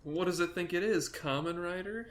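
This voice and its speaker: A man's voice: high-pitched, normal speed. A man co-hosting a podcast in casual chat, playful and teasing, with frequent laughter. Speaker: podcast co-host.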